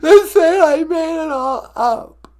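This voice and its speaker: A man putting on a panicked, weepy male celebrity calling in to a comedy show, sobbing and shouting. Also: very high-pitched, slow, voice pushed up. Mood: pleading. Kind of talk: comedic phone-in skit.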